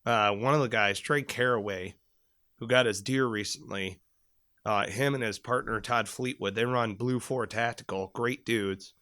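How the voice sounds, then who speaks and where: A man co-hosting a casual podcast, spinning a long, profane story with lively energy. His voice is bright and forceful. The sound is close and dry, with no room around it. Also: fairly low pitch, measured pace, no echo. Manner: animated, profane, rambling storyteller. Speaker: podcast co-host, former Marine.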